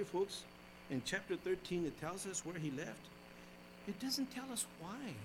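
An older man preaching a sermon as pastor, his voice swinging from loud exclamations down to quiet asides. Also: high-pitched, slight background noise, rough recording.

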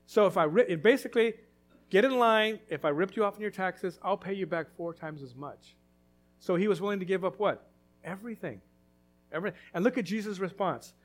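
Guy preaching a sermon, high voice, keeps repeating himself, lots of questions. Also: animated, normal speed. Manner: repetitive, rhetorical questions, emphatic. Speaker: pastor.

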